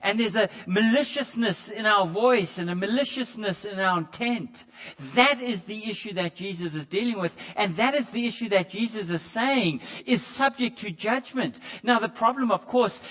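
A man whose voice sits high and a bit bright preaches conversationally, tripping over repeated words and asking his congregation direct questions. The highs in the recording are cut off.

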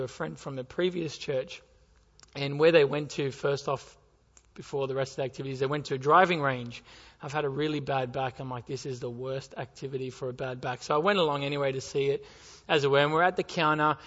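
Pastor preaching in a reverberant hall. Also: male voice, on the high side, a bit bright. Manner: storytelling, rhetorical questions. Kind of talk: sermon. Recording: dull sound with long hall reverb.

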